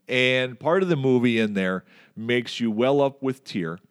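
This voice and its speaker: A man hosting a podcast, chatting casually and telling stories with animated, acted-out scenes. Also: medium pitch, measured pace. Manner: animated storyteller, acts out scenes. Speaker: podcast host. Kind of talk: casual chat.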